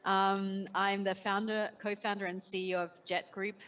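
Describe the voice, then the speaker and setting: A woman's voice: medium pitch, flat delivery, normal speed, a bit bright, muffled recording, slight background noise. A woman from Australia with an Australian accent, introducing herself on an online panel in a composed, businesslike way. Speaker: panelist, company CEO.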